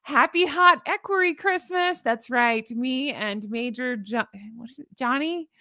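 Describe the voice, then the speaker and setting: A woman's voice: high-pitched, a little slow, pushed and bright, dry recording, studio quality. A woman hosting her own channel, chatting sarcastically and laughing often as she shows viewers her joke pictures. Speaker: host. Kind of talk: casual commentary vlog.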